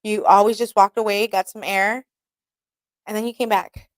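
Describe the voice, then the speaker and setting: A woman's voice: medium pitch, fairly even intonation, normal speed, dry recording. A woman hosting a radio talk show, chatting candidly with lots of swearing and laughter. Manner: candid, swearing, laughs often, quotes herself in skits. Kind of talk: casual chat.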